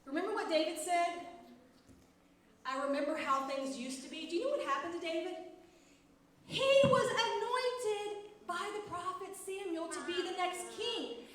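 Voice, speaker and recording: A woman's voice: very high-pitched, normal speed, a bit bright. A woman teaching an interactive Bible lesson to children, reading dramatically and asking the kids questions. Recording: echoey room, mic at a distance.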